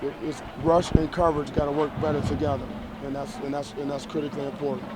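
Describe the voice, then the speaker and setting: A man answering reporters as a college football head coach after a game, measured and emphatic, often restarting and repeating phrases. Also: on the high side, little pitch movement, heavy background noise. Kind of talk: post-game press conference.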